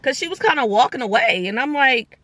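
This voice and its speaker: A young woman tells a personal story straight to camera in a loose, chatty way, bouncing between her own voice and the lines of the people she met. Her voice is bright and fairly high. The sound is dry and close. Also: dry recording. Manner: animated, retells dialogue in quick bursts. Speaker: vlogger. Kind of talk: casual storytime vlog.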